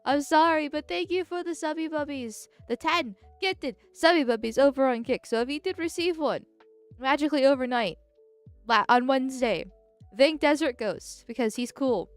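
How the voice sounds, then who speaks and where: A woman's voice: high-pitched, normal speed, dry recording, faint music behind. A woman streaming live in casual chat, talking bluntly and directly, with a stuffy nose.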